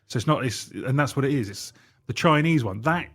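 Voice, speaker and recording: A man's voice: medium pitch, animated, slightly rough. A man co-hosting a radio chat show, explaining things casually and laughing at himself. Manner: explaining, self-deprecating, quick to laugh.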